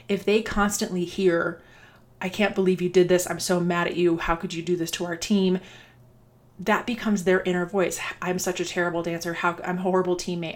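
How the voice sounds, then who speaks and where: A woman dance coach giving earnest, conversational advice to other coaches. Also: fairly low pitch. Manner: earnest, conversational, restarts and fillers. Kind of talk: instructional talk to coaches.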